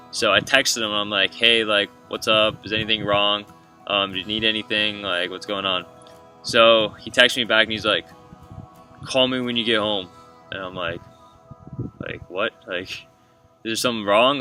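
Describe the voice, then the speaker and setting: A young man in his twenties from Florida, casually telling a painful personal story with lots of fillers. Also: on the low side. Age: 20s. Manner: casual, filler-heavy, emotional. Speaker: vlogger. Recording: from a distance with soft guitar music.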